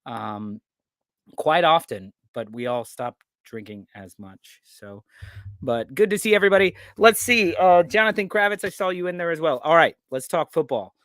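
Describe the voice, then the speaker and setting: Casting: American man as live-show host, a bit high-voiced, loose and chatty, dry close sound. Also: expressive, moderate pace, fairly bright tone, no room sound. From United States. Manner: laid-back, rambling, reads out viewer comments. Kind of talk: casual live-stream chat.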